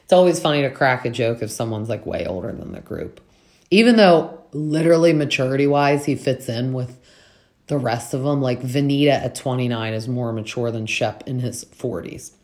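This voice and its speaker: A young woman with a notably deep voice for a woman, talking casually through a reality TV recap. She fills her talk with "like" and slips into quick impressions of what others said. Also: lively intonation, darkish tone. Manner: chatty, fillers, acts out quotes from the cast. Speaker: podcast host recapping reality TV.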